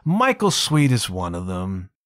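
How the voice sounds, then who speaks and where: A man's voice: low voice, wildly swooping pitch, a little slow, no room sound, clean studio sound. A man hosting his own podcast as a solo monologue, chatty and full of asides. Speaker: podcast host.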